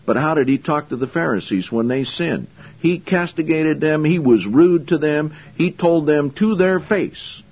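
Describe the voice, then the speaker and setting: A male preacher delivers a sermon in a husky voice with a lively, swooping pitch. He is blunt and confrontational and fires off rhetorical questions. The recording is slightly dull and lo-fi. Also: unhurried. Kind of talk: sermon, Bible exposition.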